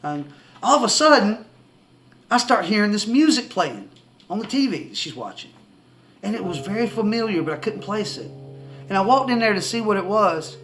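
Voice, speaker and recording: Seated before a camera in his country home, a man shares his personal faith testimony as casual storytelling, his high voice very animated and fairly bright at a moderate pace. A little hiss or hum sits under the recording. He rambles, restarts his words and chuckles along the way.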